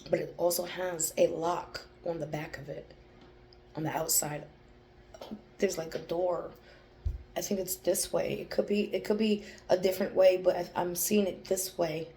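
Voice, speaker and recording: A young woman who gives an intuitive psychic reading, thinking aloud, hesitating and pausing to focus. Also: fairly low pitch, steady tone, mellow, slight background noise. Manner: hesitant, restarts, pauses to focus. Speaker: psychic channeler.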